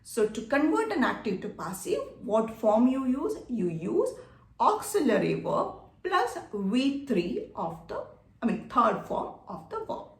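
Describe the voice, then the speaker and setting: Woman, online grammar lesson, patient, repeats points, gravelly edge, lively pitch. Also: measured pace, recorded from a distance. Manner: patient, repeats key points, checks understanding. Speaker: English teacher. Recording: echoey room, voice a bit off-mic.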